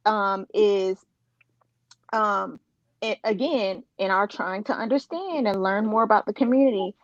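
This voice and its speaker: Woman panelist, emphatic and earnest, mid-pitched, dry and slightly muffled sound. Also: measured pace, dry recording. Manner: earnest, emphatic, with frequent restarts. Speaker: panel guest. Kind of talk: panel discussion.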